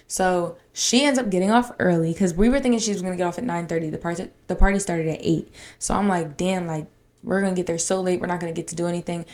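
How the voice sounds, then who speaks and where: A woman's voice: on the low side, a little mellow. A woman hosting her own podcast, telling a chatty, dramatic story and addressing listeners directly as y'all. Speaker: podcast host. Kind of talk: casual solo podcast storytelling.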